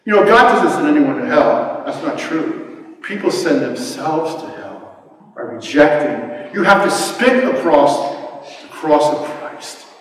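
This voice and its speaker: A middle-aged man preaching a sermon, swinging from hushed tones to shouting. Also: fairly high pitch, animated, unhurried. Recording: roomy hall, mic far off.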